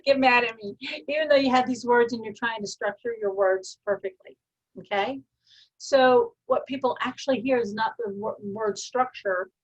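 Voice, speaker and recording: A woman with a Texas twang hosting a coaching call, riffing free form with deadpan humor and frequent laughs. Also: on the high side, moderate pace, dull audio. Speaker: host, personal growth coach.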